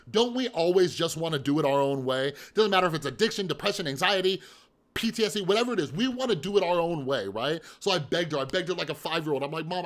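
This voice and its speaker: This is a man in his thirties telling his own story on camera, blunt and profane. His voice sits a little high for a man. He hammers points home with repetition and keeps turning to the listener with rhetorical questions. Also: a bit bright. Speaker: mental health vlogger. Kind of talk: candid personal storytelling.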